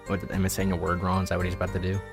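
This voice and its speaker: A man's voice: low voice, monotone, very fast, vocal fry. A young man chatting casually while streaming a game, rambling, laughing often and tripping over his words. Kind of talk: casual gameplay commentary. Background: background music.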